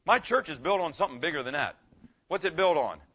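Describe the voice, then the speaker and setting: A man's voice: fairly high pitch, animated, fast talker, sharp tone, breathy edge. A man preaching a sermon as pastor, emphatic, putting questions to his congregation. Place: room with a congregation. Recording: dull lo-fi recording.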